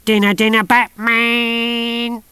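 A shrill, sing-song old woman. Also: little pitch movement, takes it slowly, pushed and bright, clear, resonant tone, no echo. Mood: gleeful. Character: wiry, cheerful old woman chanting to herself.

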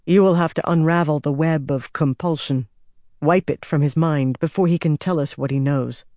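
A woman narrator gives a quiet, commanding young ruler from an audiobook. He speaks softly and offhandedly, with a dark, mellow tone. The voice is dry and close. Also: low-pitched, normal speed, no room sound, natural voice. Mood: calm. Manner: soft, eerie, offhand.

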